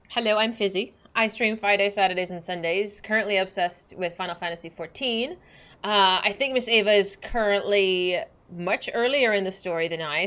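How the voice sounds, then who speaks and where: A young woman streaming a game, chatting bubbly and giggly with her viewers. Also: medium pitch. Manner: bubbly, giggly, greets chat warmly. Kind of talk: casual livestream chat.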